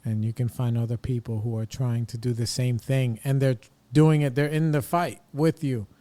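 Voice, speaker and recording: A man's voice: medium pitch, steady tone, normal speed, warm tone. A middle-aged man hosting a podcast, ranting bluntly and casually in slangy opinionated talk. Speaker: podcast host.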